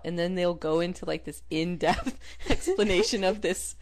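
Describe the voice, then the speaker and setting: A woman's voice: lowish voice, lively intonation, normal speed. A woman co-hosting a podcast in casual chat, playful and laughing often. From New Mexico. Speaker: podcast co-host.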